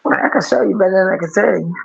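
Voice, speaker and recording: A man's voice: sits high, rapid-fire, gravelly, breathy edge, no echo. A man chatting bluntly and teasingly as a podcast guest from his bedroom. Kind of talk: casual chat. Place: home bedroom. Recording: dull lo-fi audio.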